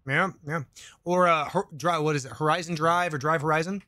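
A man's voice: on the high side, fairly even intonation, a little fast, bright, forceful tone, no room sound. A man doing casual let's-play commentary into a desk mic, rambling with jokey asides, swearing and reading chat aloud. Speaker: gaming YouTuber. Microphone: desk microphone.

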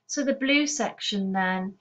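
Woman teacher going through a poem slide by slide, calm measured explaining, medium voice. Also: mid-range voice, highs cut off. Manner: measured, explanatory, with occasional fillers. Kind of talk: recorded poetry lesson.

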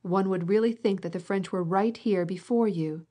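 A woman reading aloud, voicing a stout, stern elderly lady who scolds in a loud, commanding way in an audiobook. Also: mid-range voice, moderate pace, close to an everyday voice. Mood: scolding.

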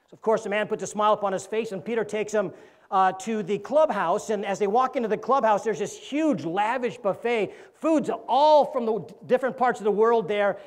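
A man, an evangelist preacher, delivering a sermon in a church and telling a joke with animated character voices. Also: high voice, fast talker.

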